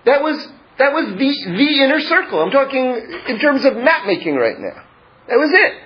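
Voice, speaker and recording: A man teaching Torah in a loose, conversational way, with rambling asides and stretches where he drops low and mutters. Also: big pitch swings, normal speed, dull audio, slight background noise. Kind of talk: informal Torah lesson.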